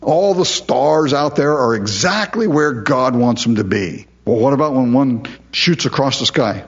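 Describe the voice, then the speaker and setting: A husky man preaching in a plain, conversational way and pressing his points with questions to the listeners. His voice sits in an ordinary middle range. The sound is a dull, lo-fi recording. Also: medium pitch, expressive, moderate pace, few pauses. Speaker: pastor. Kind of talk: verse-by-verse Bible teaching sermon.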